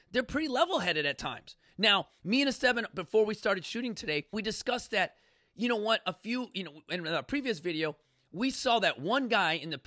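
A man hosting a talk show, worked up and ranting, with a high, bright, forceful voice. He trips over his words and restarts often. The sound is dry and close. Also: dry recording. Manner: fired-up, ranting, profane, many restarts. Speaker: podcast host. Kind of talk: impassioned casual talk.

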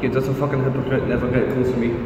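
A man rants a crude, insulting diss track in an ordinary mid-range voice. He sounds far from the mic, with a roomy, hall-like echo around him and loud wind noise in the background. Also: mid-range voice, little pitch movement, very fast. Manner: ranting, heavily profane, insulting. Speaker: amateur diss-track rapper. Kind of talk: angry spoken diss track. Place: outdoors in the wind. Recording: distant, echoey outdoor recording with wind noise.

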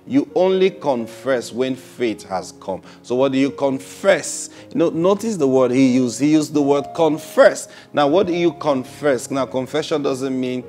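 A man preaching a sermon in a middle-pitched voice. He stretches out key words and doubles back on phrases for emphasis. Faint guitar music plays behind him. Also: lively intonation, a little mellow. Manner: drawn-out emphatic phrasing with repetitions.

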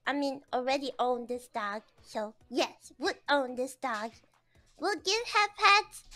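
A woman's voice: sits high, lively intonation, a little slow, sharp tone, faint music behind. A young woman co-hosting a casual comedic stream with cheeky, blunt, teasing banter. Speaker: streamer co-host.

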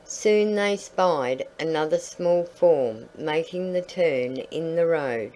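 A woman reading a storybook aloud in a calm, measured way. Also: sits low, rough recording.

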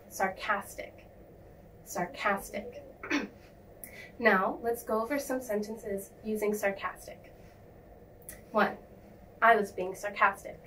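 A young woman giving a scripted English vocabulary lesson in a clear, measured, instructive way. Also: medium pitch, a bit bright. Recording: slightly distant mic, faint noise.

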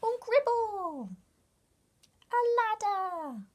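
A woman voicing tiny excited bugs that chatter in short made-up words, with a squeaky, shrill voice. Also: drawn-out words, exaggerated voice.

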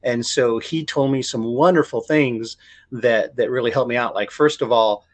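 A man's voice: medium pitch, fairly even intonation, normal speed. A man, a novelist, telling a story in a casual podcast interview, rambling with many restarts and repeated words. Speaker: novelist guest.

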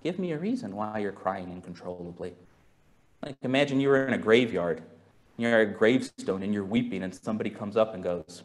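A man preaching a sermon as pastor, musing aloud with restarts and rhetorical questions, moving from quiet and low to raised and fervent. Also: expressive, fairly quick. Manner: swings from soft and low to raised and intense.

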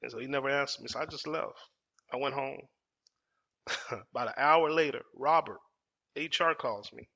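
A man's voice: medium pitch, normal speed, vocal fry, long pauses, pushed and bright. A man, telling a personal story in casual, emphatic talk and repeating phrases for effect. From Dallas, Texas. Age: 40s. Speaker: storytelling host. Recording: dull lo-fi audio.

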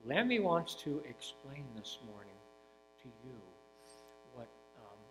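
A man's voice: medium pitch, very animated, slow, over music, low-quality recording. An older man leading a children's sermon in church, playfully coaxing the kids and chatting with a puppet. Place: church sanctuary.

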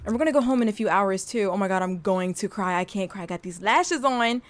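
A young woman giving casual, slangy gameplay commentary, talking straight to her game character and breaking into excited exclamations. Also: mid-range voice, fast, no echo. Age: young adult. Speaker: gaming video host.

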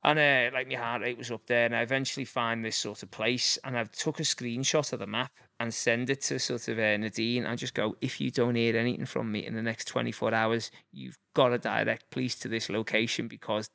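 With a medium-pitched, creaky, bright and forceful voice, a Scouse guest in his forties from Liverpool, England, talks a little fast and flatly, with few pauses. He rambles casually through his stories, using lots of fillers and acting out voices, in a studio-quality recording with no echo.

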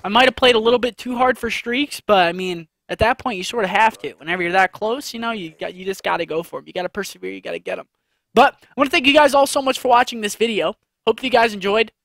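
A high, bright-voiced man talking through a shooter match as a gaming host. His delivery is excitable and full of slang, jumping into loud, cursing outbursts. The sound is dry and close. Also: quick pace, vocal fry, dry recording. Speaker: gaming YouTuber. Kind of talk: live gameplay commentary.

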